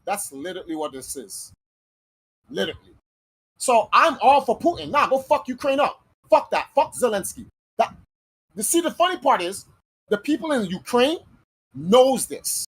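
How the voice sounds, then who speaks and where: A woman's voice: fairly high pitch, sing-song, moderate pace, breathy edge, low-quality recording. A woman hosting a podcast in casual chat, talking bluntly and heatedly with plenty of swearing. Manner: heated, blunt and profane, arguing a point. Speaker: podcast host.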